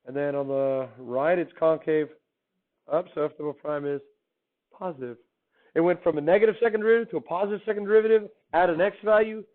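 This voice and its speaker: A man's voice: on the high side, fast talker. A man teaching a math class, lecturing in an upbeat way and quizzing his students as he goes. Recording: phone-like lo-fi classroom recording.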